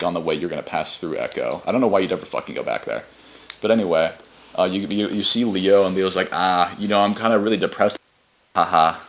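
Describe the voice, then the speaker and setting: A young male podcast co-host with a low, slightly bright voice recaps a game's story in loose, rambling chat, restarting often and swearing casually.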